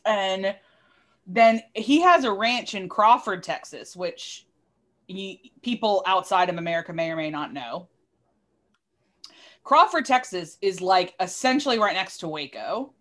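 A woman's voice: mid-range voice, a little slow. Tipsy woman telling a sweary story. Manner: animated, swears freely, self-interrupting. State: tipsy from drinking. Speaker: podcast co-host. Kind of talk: casual storytelling chat.

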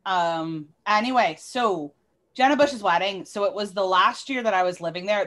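A woman in her thirties rambling through a story on a podcast after a few drinks. She talks in an animated rush, swears freely and keeps stopping to fix her own words. Her voice sits at an ordinary middle pitch. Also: normal speed. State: tipsy from drinking. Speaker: podcast co-host. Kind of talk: casual storytelling chat.

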